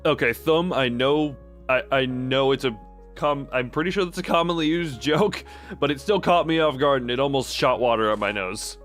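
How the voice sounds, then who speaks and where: Young man, streamer, casual late-night chat, rambling, self-interrupting, medium pitch, faint background music. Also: normal speed, fairly bright tone.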